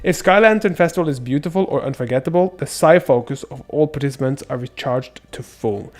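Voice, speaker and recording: A man streaming a game live, chatting casually with viewers, excitable and swearing often. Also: mid-range voice, a little fast, hardly any pauses.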